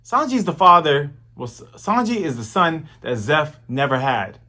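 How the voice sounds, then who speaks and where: A man's voice: fairly high pitch, animated, moderate pace, sharp tone. A man in his thirties hosting a manga review, chatty and slangy in casual commentary. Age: 30s.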